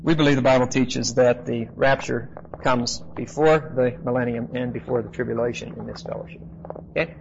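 A man's voice: mid-range voice, steady tone, gravelly, a little mellow. Guy pastor walking thru bible verses, emphatic, lots of uh and okay?, faint hiss behind. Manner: measured, emphatic, with frequent "uh" and "okay?" check-ins. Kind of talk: expository Bible teaching. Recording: slightly dull lo-fi sound with faint noise.

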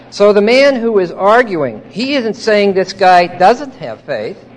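A man's voice: high-pitched, a little hiss or hum. A man teaching a Bible passage verse by verse, explaining it patiently, checking in with his listeners and stressing key words emphatically.

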